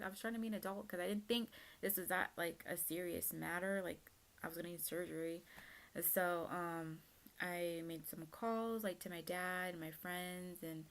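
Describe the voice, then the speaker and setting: A woman's voice: on the low side, fairly even intonation, moderate pace. A young woman in her twenties telling a personal story in a chatty, casual way, full of fillers. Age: young adult. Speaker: vlogger.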